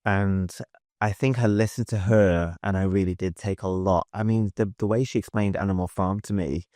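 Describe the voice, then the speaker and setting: A man's voice: low voice, steady tone, moderate pace, warm tone, dry recording, clean studio sound. A man as a podcast guest, telling a personal story earnestly, with hesitations and fillers. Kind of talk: casual interview chat.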